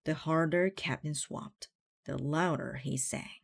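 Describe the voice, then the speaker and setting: A woman reading a children's picture book aloud, slowly and carefully. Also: low-pitched, fairly even intonation, creaky, no room sound. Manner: slow, careful read-aloud. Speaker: storybook reader.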